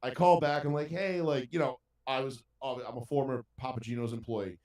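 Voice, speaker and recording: A man's voice: medium pitch, steady tone, moderate pace, darkish tone. A man telling a story in casual podcast chat, ranting with heavy profanity. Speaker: podcast co-host. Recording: roomy sound from a distant mic.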